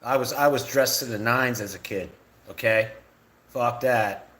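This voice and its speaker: A man's voice: medium pitch, unhurried, fairly bright tone. A middle-aged man on a live stream, ranting with lots of repetition and swearing. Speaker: livestreamer ranting about realtors.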